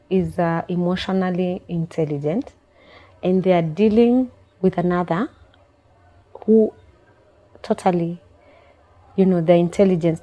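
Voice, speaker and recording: A woman hosts a talk show and puts long questions to her guest, slipping in hesitant fillers as she goes. Her voice is mellow and a little low.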